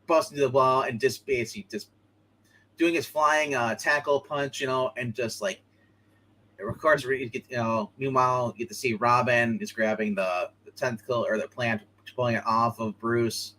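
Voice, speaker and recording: A man hosting a live online comic book show, chatting casually and excitedly, laughing often and acting out lines from the panels. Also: mid-range voice, low-quality recording. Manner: excitable, laughing, acts out comic lines in quick put-on voices. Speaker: podcast host.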